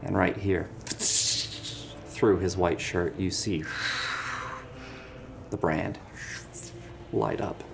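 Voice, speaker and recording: A man narrating as game master of a tabletop game, in slow, measured narration. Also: deep voice, fairly even intonation, gravelly, noisy background. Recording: music bed behind.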